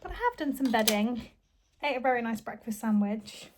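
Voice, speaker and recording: A tired woman chats away to her vlog camera at home. Her voice sits a little high and she rambles freely, filling pauses with ums. A faint hiss runs under her talk. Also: lively intonation. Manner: rambling, chatty, with many ums. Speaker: homemaker vlogger, mother. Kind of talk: casual vlog chat.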